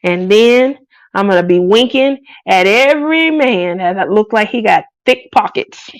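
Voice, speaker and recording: A woman's voice: medium pitch, animated, a little slow, no room sound. A woman, hosting a craft live stream in casual chat, playful and laughing often as she reads out comments. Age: 40s. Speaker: craft channel host.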